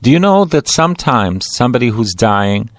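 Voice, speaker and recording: A man's voice: mid-range voice, sing-song, moderate pace, dry recording. A middle-aged man preaches in the rolling, repetitive cadence of a priest's sermon, pressing each point home with emphasis. The recording is dry and close, with no room sound.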